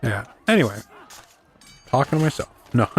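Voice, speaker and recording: A man's voice: medium pitch, very animated, moderate pace. A man casually commenting as he plays a video game, rambling and cracking self-deprecating quips. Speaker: gaming video host.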